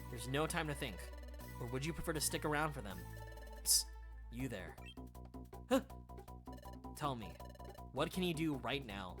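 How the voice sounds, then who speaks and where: A woman voicing a cool-headed male lizard fugitive who gives low, clipped orders in a fan dub of a game. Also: lively intonation, normal speed, pauses often, over music. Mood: urgent hush.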